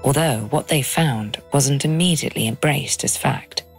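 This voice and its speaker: A woman in her thirties giving measured, grave documentary narration from a script. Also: extremely low pitch, slightly rough, faint music behind.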